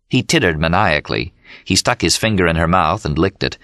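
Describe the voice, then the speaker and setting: A man narrating an audiobook in a steady, measured reading. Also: low voice, no room sound, studio quality. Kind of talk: scripted narration. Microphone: studio mic.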